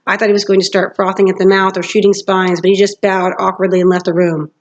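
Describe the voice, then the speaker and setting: A woman's voice: mid-range voice, flat delivery, fast, muffled recording. A woman teacher reading a novel aloud to her class, steadily and with occasional self-corrections. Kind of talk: storybook read-aloud narration.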